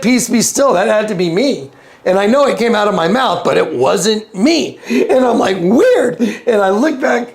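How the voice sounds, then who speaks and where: A man being interviewed, telling a story in an animated way, acting out the voices and laughing as he goes. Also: vocal fry. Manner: acts out quotes with big pitch jumps and laughter. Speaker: interview guest.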